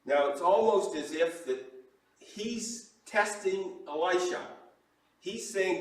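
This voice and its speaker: High-voiced guy preaching, acts out the characters, big echoey church, kinda far from the mic. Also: slow. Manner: animated storytelling, acting out quoted voices. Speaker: pastor. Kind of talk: sermon. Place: church sanctuary.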